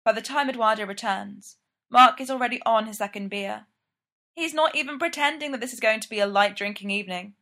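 A woman narrating a story in a steady, even storytelling manner. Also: on the high side, brisk. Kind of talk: scripted narration.

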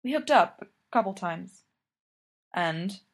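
A woman's voice: medium pitch, animated, slow pace. Woman reading a wry, self-doubting college girl.

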